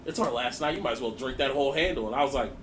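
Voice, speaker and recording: A man's voice: medium pitch, rapid-fire, fairly bright tone, far from the mic. Brief: man, casual chat, self-mocking and sheepish; roomy recording with background noise. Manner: sheepish, laughs at himself. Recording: echoey room with noisy ambience.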